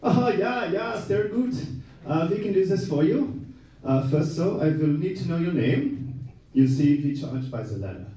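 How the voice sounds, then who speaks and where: A man voicing a brisk German auto shop clerk with a German accent, in a stand-up bit. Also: fairly high pitch, animated, mellow, heavy reverb, distant mic, pitched above the performer's own voice, poor audio. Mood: eager.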